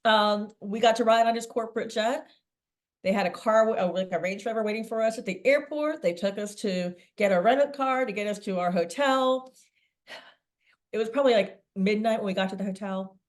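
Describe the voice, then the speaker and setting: A middle-aged woman, a sales veteran interviewed as a guest, telling a long anecdote in a lively way. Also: medium pitch, moderate pace. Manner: lively storyteller, acts out quoted voices.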